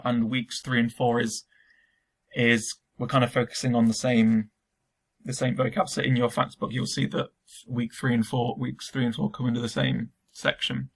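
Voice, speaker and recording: Young male teacher recording a remote lesson, gravelly and flat, relaxed with frequent ums. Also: mid-range voice. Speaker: school Spanish teacher.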